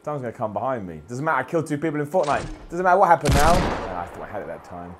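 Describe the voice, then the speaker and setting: A man's voice: medium pitch, very animated, very fast, background noise. A man giving self-deprecating, sweary commentary while playing a video game. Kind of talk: gameplay commentary.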